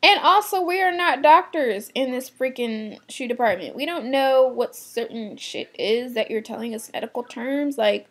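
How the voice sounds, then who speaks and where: This young woman from a shoe department is venting to camera, exasperated and blunt, with casual profanity. She speaks in a high voice at a moderate pace, barely pausing.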